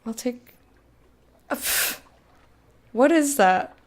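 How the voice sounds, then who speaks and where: Woman streamer reading game text out loud, kinda high voice, casual and sweary. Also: expressive, very slow. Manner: chatty, frank, swears freely, talks to chat. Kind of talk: casual let's-play chat, reading game text aloud.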